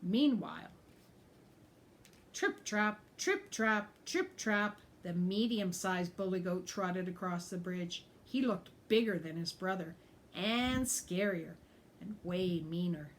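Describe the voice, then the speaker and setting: A woman reads a children's picture book aloud in a teacher's voice, stopping now and then to point out the pictures. Her pitch swings in an animated way, and a faint hiss of noise sits under the recording. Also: slow pace. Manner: lively, animated and explaining pictures. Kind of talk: storybook read-aloud for children.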